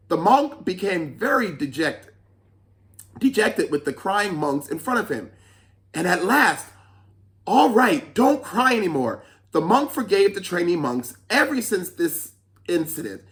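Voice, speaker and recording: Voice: mid-range voice, a bit bright. A children's storyteller reading a folk tale aloud, with chatty asides to young listeners.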